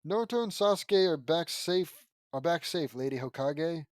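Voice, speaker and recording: A man reading the lines of a calm adult male ninja teacher in an audiobook, barely acted. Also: a little high, moderate pace, no echo, studio quality, lightly acted. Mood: plain.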